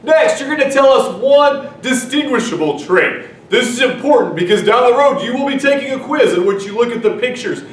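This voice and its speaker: A man's voice: extremely high pitch, animated, fairly quick, few pauses. A man playing an upbeat, teasing TV-style announcer, handing off segments in a lesson video. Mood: instructing. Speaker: agriculture teacher. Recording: roomy, distant mic, faint noise.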